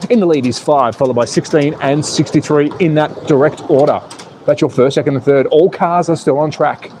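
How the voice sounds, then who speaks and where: A man hosting a live stream, calling slot car races with an excitable, playful manner and joking with the chat. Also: a little high, moderate pace, a little hiss or hum. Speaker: live stream host and race caller.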